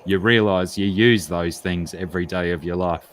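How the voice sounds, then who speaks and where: A man's voice: deep voice, fairly even intonation, moderate pace, a little hiss or hum, close to an everyday voice. A man playing an incredulous barman. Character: incredulous male barman in a bar joke.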